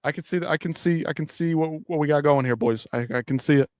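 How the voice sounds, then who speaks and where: Swearing, rambling live-stream host. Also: male voice, a little high, quick pace, darkish tone, no room sound, clean studio sound. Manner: loose, profane, rambling with restarts. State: tired late at night. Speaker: livestream host. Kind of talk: casual live-stream chat.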